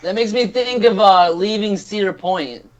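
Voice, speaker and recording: A man co-hosting a casual podcast, excitable and quick to laugh. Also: high voice, highs cut off.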